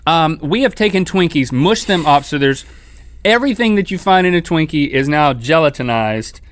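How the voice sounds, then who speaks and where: Playful man with a lively, bouncy voice. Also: a little high, normal speed, a little hiss or hum. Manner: playful, exaggerated excitement. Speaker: co-host. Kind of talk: comedic food-tasting banter.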